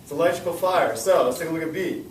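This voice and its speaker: A young male high school science teacher leading a classroom lesson, energetic and repeating his questions to the students. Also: fast talker. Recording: echoey classroom from far off.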